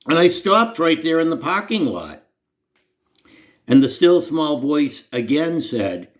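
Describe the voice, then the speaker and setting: A man's voice: mid-range voice, sing-song, measured pace. A man telling a personal faith story to the camera in an earnest, conversational, self-deprecating way. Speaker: Christian storyteller.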